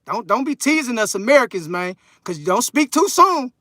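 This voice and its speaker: Reading chat on his livestream, this thirties-aged man rambles in slang and fillers. His voice is extremely high, bright and pushed, with big pitch swings at a moderate pace, captured in a clean studio with no echo.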